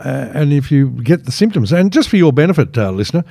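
A man's voice: fairly high pitch, very animated, fast talker, gravelly, mellow, no room sound, clean studio sound. A man co-hosting a comedy podcast, wry and mock-serious in casual banter. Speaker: podcast co-host.

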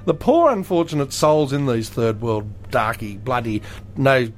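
A man's voice: medium pitch, animated, measured pace, a little hiss or hum. A man hosting a casual comedy talk show, ranting bluntly and crudely. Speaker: radio show host.

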